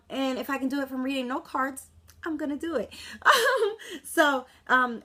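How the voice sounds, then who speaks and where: A young woman from the United States speaks straight to camera in a casual sales pitch, emphatic and upbeat with plenty of "um" fillers. Her voice sits a little high and rings bright, and she sounds close to tears. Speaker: direct sales presenter.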